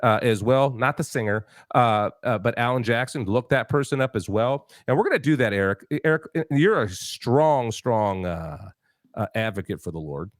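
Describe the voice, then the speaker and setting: A man's voice: mid-range voice, animated, normal speed, no room sound, clean studio sound. A man hosting a political talk show, emphatic and preachy, full of restarts and rhetorical questions. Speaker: show host.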